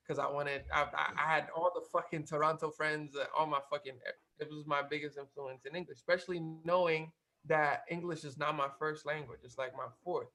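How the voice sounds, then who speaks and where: A man from Cape Verde telling a story in a casual interview, animated and slangy, swearing freely. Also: on the high side, moderate pace, hardly any pauses, rough recording. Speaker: guest.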